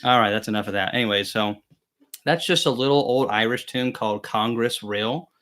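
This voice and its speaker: A man's voice: on the low side, normal speed, fairly bright tone, soft background music. A young man hosting a casual beekeeping live chat, telling rambling, self-deprecating stories with many fillers and restarts. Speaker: beekeeping channel host.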